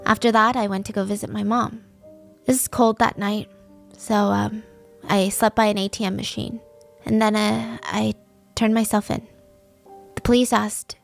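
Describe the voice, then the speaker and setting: A woman's voice: mid-range voice, flat delivery, moderate pace, creaky, pauses often, soft background music. A woman host narrating a true-crime story in a casual, conversational podcast manner, close to the mic.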